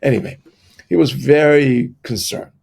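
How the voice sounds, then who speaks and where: In an interview-style conversation, a middle-aged podcast guest with a deeply gravelly, husky, slightly mellow voice recounts a personal story. He stumbles along, frequently starting sentences over, and takes on the voices of the people he quotes.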